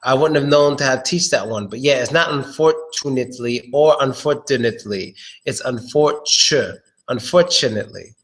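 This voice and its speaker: Man, pronunciation teacher, live stream, relaxed, repeats words slowly, mid pitch.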